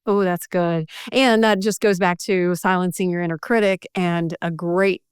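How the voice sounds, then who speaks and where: A woman's voice: on the low side, fairly even intonation, moderate pace, clean tone, dry recording, clean studio sound. A woman hosting a podcast interview, asking questions and affirming her guest. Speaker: podcast host. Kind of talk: conversational interview.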